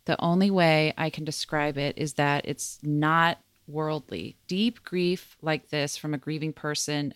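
A woman co-hosting a podcast, reading a written passage aloud in a soft, measured way while holding back tears. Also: low voice, clear, resonant tone, no echo, studio quality. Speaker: podcast co-host.

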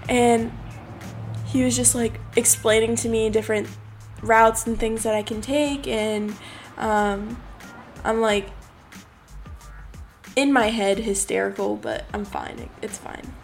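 A woman's voice: fairly high pitch, fairly even intonation, unhurried, soft background music. A young woman hosting a podcast, casually telling a personal story with a chatty, rambling manner full of fillers. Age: young adult. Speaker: podcast host.

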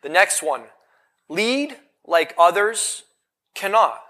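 A man giving a live motivational talk on stage, energetic and full of rhetorical questions to the audience. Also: high-pitched, takes it slowly. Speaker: motivational speaker. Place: event hall in front of a live audience.

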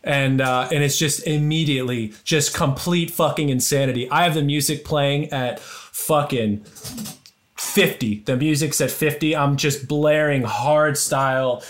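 Excitable young man telling a wild story. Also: fairly high pitch, a little slow. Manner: excitable, profane, rambling with restarts. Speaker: storyteller guest. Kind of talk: casual chat, swearing storytelling.

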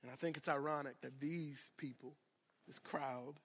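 A man preaching a sermon, swinging from loud declarations to hushed asides and repeating phrases for emphasis. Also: medium pitch, steady tone, normal speed, husky, in a large hall. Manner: addresses congregation directly, repeats phrases for emphasis. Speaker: pastor.

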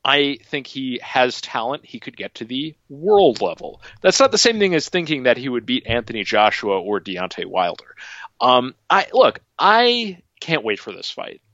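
A man with a bright, forceful voice trading wry takes in a relaxed sports chat. He restarts his sentences often before making his point. His voice is recorded dry, through a muffled, lo-fi mic. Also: medium pitch, moderate pace, no echo. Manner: wry, hesitant starts, laughs while joking. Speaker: boxing podcast co-host. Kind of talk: casual conversational commentary.

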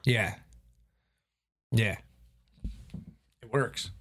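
A man co-hosting a casual chat, telling stories in a loose, profane, animated way. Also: mid-range voice, extremely slow, no echo. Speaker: podcast co-host.

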